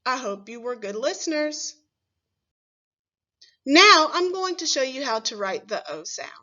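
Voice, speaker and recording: Teacher lady doing a phonics lesson for first graders, super slow and clear, kinda muffled recording. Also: high voice, sing-song, sharp tone. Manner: slow, clearly sounded-out words with questions to the class. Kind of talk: phonics lesson for young children.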